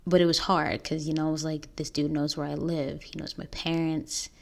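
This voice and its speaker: A young woman hosting a podcast, telling a painful personal story in an earnest, halting way with restarts. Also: low voice, level tone, vocal fry. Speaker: podcast host.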